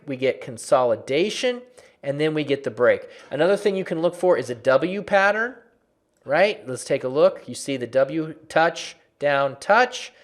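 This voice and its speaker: A man walking viewers through trading charts in a lively, conversational lesson, often repeating phrases for emphasis. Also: a little high. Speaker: trading educator.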